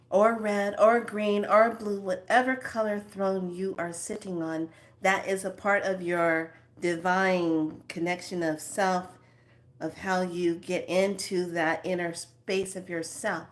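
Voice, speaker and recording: Woman doing a slow spiritual pep talk, drops into whispers now and then, unhurried, mid-pitched. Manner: slow, drifting between soft whispers and lively acted asides. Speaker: spiritual self-help speaker. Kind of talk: motivational talk to viewers.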